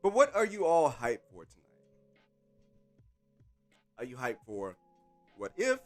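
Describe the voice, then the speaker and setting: A man's voice: mid-range voice, huge pitch swings, unhurried, faint music behind. A man hosting a live stream in casual chat, hyped and talking straight to his viewers through a desk microphone. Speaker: streamer host.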